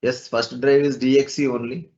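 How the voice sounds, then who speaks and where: A man's voice: medium pitch, flat delivery, normal speed, a little mellow, lo-fi sound. A man teaching an online class, explaining step by step and asking rhetorical questions.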